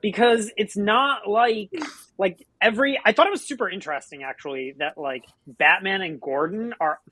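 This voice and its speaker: Husky-voiced woman rambling about a film. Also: medium pitch, normal speed, fairly bright tone, dry recording. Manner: rambling, full of "like" fillers. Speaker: podcast co-host. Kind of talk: casual film review chat.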